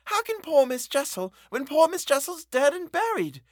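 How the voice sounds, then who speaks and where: A man's voice: extremely high pitch, sing-song, normal speed, no room sound, clean studio sound, voice pushed up. A man voicing a kindly, fussing older housekeeper in an audiobook, speaking in a soothing, coaxing way.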